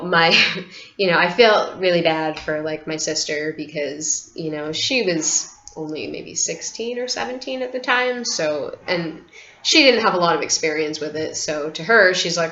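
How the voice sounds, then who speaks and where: A woman's voice: on the low side, a little slow, fairly bright tone. Candid, rambling woman in an echoey room. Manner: candid, rambling, many "like" fillers, swears freely. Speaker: vlogger. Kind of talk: personal storytelling to camera. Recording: roomy, dull lo-fi home recording.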